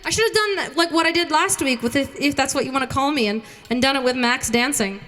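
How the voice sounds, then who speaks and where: A woman talks casually to her livestream viewers from home, bubbly and quick to giggle. Her voice sits high, with a bright, sharp edge. She sounds like a singer hosting her own concert between songs.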